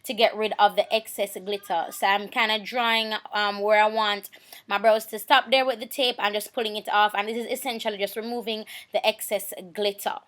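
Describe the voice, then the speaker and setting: Bright chatty woman vlogger. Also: mid-range voice, fairly even intonation, a little fast. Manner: chatty, repeats herself, talks while working. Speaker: makeup vlogger. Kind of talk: casual tutorial voice-over.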